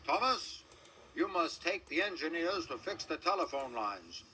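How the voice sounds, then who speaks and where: A man voicing a stern, pompous male railway boss who gives orders in a booming, serious voice. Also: big pitch swings, measured pace, bright, forceful tone, a little hiss or hum, full character voice. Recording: music playing underneath.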